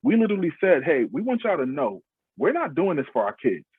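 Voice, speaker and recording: A man's voice: on the high side, big pitch swings, a little fast, husky, no echo. A man as a podcast guest, telling personal stories in an earnest, heartfelt way with loose, restarting phrases. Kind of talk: casual interview storytelling. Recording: thin phone-like sound.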